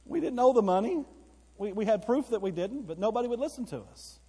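A man preaching a sermon to his church, telling a story that rises into excited bursts. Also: extremely high pitch, moderate pace, slightly rough. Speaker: pastor. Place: church sanctuary. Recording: long reverb of a church hall.

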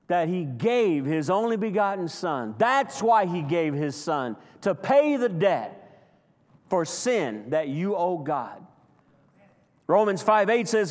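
High-voiced impassioned preacher in a reverberant hall. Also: male voice, very animated, a little slow. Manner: impassioned preaching, swings from loud to hushed. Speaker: pastor. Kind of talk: sermon. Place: church sanctuary.

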